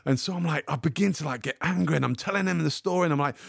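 A man telling a comic anecdote as a podcast guest, acting out the people in his story with lively energy. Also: a little high, rapid-fire, creaky, no room sound, clean studio sound. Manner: animated storyteller, acts out the other people in the story.

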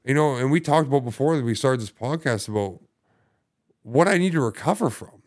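A young man, guesting on a podcast, tells his recovery story in a brisk, animated mid-range voice. The casual talk rambles, thick with fillers and heavy swearing.

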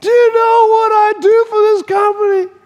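A man voicing an indignant, overworked male employee who shouts in outrage. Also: very high-pitched, flat delivery, normal speed, in a large hall, muffled recording, pitched above the performer's own voice. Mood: outraged.

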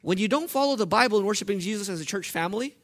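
A man preaching to his church in a high, bright voice. His delivery is animated and conversational, and he keeps putting questions to the congregation. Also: very fast. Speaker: pastor. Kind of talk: sermon.

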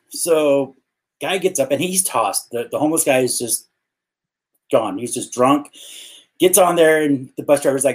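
A man's voice: mid-range voice, normal speed. A man co-hosting a casual podcast, telling a long joke and acting out the characters' lines. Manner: animated, acts out characters in his jokes. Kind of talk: casual storytelling.

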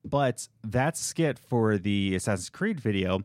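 A young man co-hosting a podcast, telling stories in a rambling, animated way with frequent restarts. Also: lowish voice, unhurried, no room sound, studio quality. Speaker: podcast co-host. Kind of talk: casual chat.

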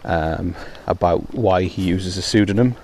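Rambling man, low voice, outdoors. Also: unhurried, darkish tone, a little hiss or hum. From Wales. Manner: rambling, self-deprecating, many ums. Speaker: podcast host. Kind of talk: casual monologue while walking. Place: outdoors in heavy rain. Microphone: hands-free phone headset.

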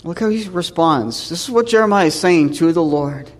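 A man's voice: a little high, animated, normal speed, in a large hall. A man preaching a sermon in a conversational way, dropping in tag questions and acting out the scripture dialogue.

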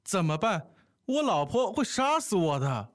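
A man plays a flustered, snappish fellow in a scripted language-lesson dialogue. His voice moves through a lively pitch range. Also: moderate pace. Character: flustered man who lost his phone.

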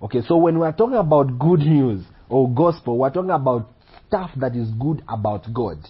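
A male preacher delivers a sermon in a husky voice. He leans on rhetorical questions and keeps checking in with his listeners. The recording sounds dull and lo-fi. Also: medium pitch, animated, normal speed. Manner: rhetorical questions, frequent "Okay?" check-ins.

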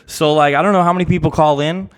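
A man's voice: a little high, fairly even intonation, fast. A man co-hosting a casual podcast, chatting enthusiastically and calling his friend "bro". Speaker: podcast co-host. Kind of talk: casual chat.

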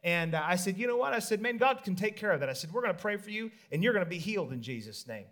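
A man preaching a sermon, telling a story with energy and acting out the people in it. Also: fast. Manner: animated storytelling, acts out the people in the story in higher voices, laughs.

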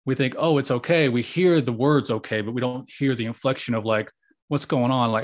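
A man's voice: mid-range voice, brisk. Man, earnest, reflective, restarts often, dull lo-fi sound. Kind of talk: reflective conversation. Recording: slightly dull lo-fi audio.

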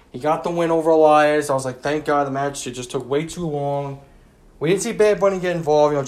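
A man giving a casual, rambling recap of a wrestling show, often exasperated and full of fillers. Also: fairly high pitch. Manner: rambling, exasperated, lots of "like" and "you know".

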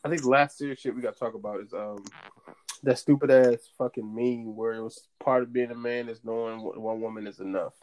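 A man's voice: medium pitch, fairly even intonation, a little fast, darkish tone. A man co-hosting a casual podcast chat, joking around and swearing freely. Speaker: podcast co-host.

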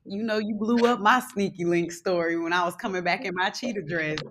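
A woman's voice: on the low side, fairly quick, noisy background. A woman co-hosting a podcast, teasing and chiming in with laughter. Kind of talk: casual chat.

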